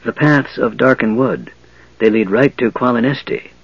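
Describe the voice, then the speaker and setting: A man voicing a sinister mage who speaks softly, with a mocking hiss. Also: mid-range voice, steady tone, normal speed, vocal fry, slightly rough, no echo, muffled recording. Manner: soft, mocking, hissing. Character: frail, sinister young male mage.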